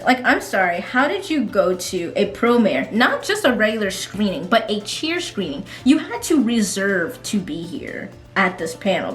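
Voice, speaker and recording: A woman vlogger telling stories in a casual chat, animated and laughing often as she goes. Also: mid-range voice, reverberant. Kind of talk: casual storytelling vlog.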